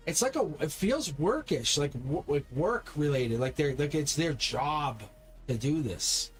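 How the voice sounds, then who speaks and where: A man's voice: a little high, lively intonation, unhurried, soft background music. A man giving a live-stream tarot reading, speaking straight to viewers in a rambling, repetitive way and swearing when he gets heated. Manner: rambling, repeats words and restarts. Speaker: tarot reader.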